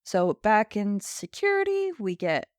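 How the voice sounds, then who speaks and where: She speaks at medium pitch with big swings and no rush, casually walking through an episode as a podcast co-host and voicing the characters' lines. The sound is clean studio audio without echo.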